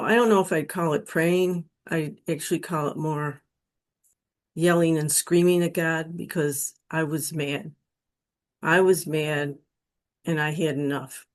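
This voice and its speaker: A middle-aged woman from Western New York slowly telling a personal spiritual testimony, emotional and earnest. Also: sits low, steady tone. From Western New York State. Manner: slow, emotional, pleading when quoting her prayers. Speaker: guest telling her near-death experience story.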